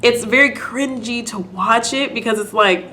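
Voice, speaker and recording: A woman's voice: on the high side, moderate pace, pushed and bright, a little hiss or hum. A woman casually recapping and reacting to a TV episode, chatty and repetitive, with lots of "like" and "you know". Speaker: video host.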